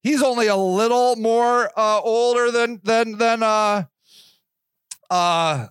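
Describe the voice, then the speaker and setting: A man's voice: extremely high pitch, slow, a bit bright, clear, resonant tone, no echo. A man hosting a solo podcast, rambling and swearing as he loses his thread. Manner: rambling, profane, self-interrupting. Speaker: podcast host.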